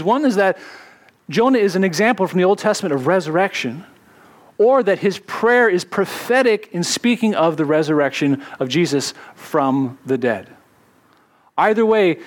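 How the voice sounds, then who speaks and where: A man, a pastor, preaching a sermon in an earnest way, slowing down to stress key words. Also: high-pitched.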